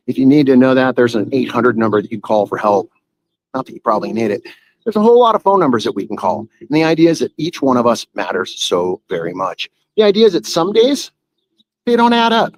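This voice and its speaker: A man's voice: mid-range voice, poor audio. A man hosting a live stream, chatting casually in a rambling, playful and earnest way. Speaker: livestream host.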